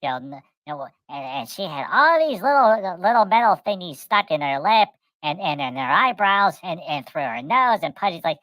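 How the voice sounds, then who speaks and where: A middle-aged woman co-hosting a casual chat, telling rambling, animated stories and acting out the voices in them. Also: lowish voice, normal speed, no room sound, rough recording. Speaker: co-host.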